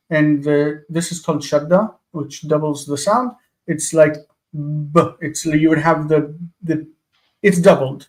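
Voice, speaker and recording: A man teaching a live online Hebrew lesson over a video call, patiently explaining and repeating example words. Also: fairly high pitch.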